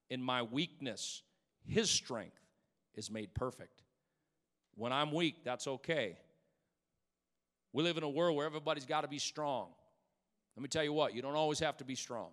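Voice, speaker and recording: A man preaching a sermon as pastor in a church, swinging between loud exclamations and hushed asides and calling out to the congregation. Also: mid-range voice, normal speed, long pauses. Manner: calls out to the congregation. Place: church sanctuary. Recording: long church hall reverb.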